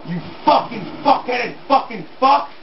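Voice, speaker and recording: A man's voice: very high voice, expressive, measured pace, over music. A man playing a video game, swearing and taunting other players nonstop. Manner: snarling constant swearing and taunts. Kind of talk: raging gameplay outbursts. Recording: muffled echoey room, distant mic, loud noise.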